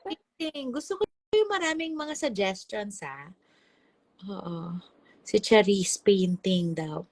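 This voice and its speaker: A Filipino woman hosting a casual live chat, talking brightly, laughing often and reading viewer comments aloud. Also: medium pitch, lively intonation, measured pace, dry recording. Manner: bubbly, chatty, laughs often, mixes languages. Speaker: host and life coach.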